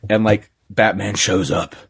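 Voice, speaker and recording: Animated man telling stories on a podcast. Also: on the low side, unhurried, gravelly, husky. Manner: animated storyteller, acts out quoted voices. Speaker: podcast host. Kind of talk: casual chat.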